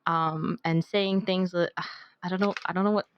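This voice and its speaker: This young woman, a podcast co-host, chats casually and tells a rambling story full of "like." Her voice sits on the low side with fairly even intonation and a moderate pace. The recording is muffled, with slight background noise.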